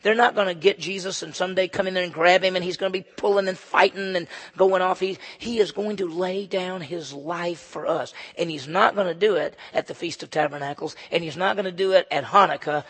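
A man preaching a conversational, emphatic sermon as pastor, swinging between loud and soft. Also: high-pitched, a little fast, husky. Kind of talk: expository sermon. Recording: long hall reverb.

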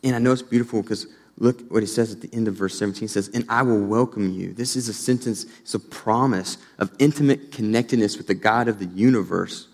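A young adult man preaching an earnest sermon as a pastor, turning animated when he tells a family story. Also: fairly low pitch, brisk, few pauses. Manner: earnest, rises animated when telling stories. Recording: long reverb of a large hall.

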